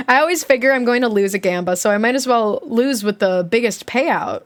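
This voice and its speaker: Excitable woman streamer, bright high voice. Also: unhurried. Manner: excitable, swings to loud squealing shouts. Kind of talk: casual live-stream chat. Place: home room.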